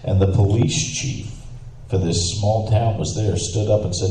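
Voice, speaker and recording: Laughing storyteller man, mellow voice. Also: fairly low pitch, unhurried, slight background noise. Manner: animated anecdotal, with laughing asides and profanity. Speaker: panelist telling stories at a live event. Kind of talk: casual storytelling to a live audience. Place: live event room with audience. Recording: roomy hall, picked up from a distance.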